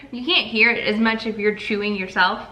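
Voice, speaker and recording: A woman's voice: medium pitch, normal speed, pushed and bright, rough recording. A young woman co-hosting a casual chat, talkative and upbeat. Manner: chatty and upbeat. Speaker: co-host.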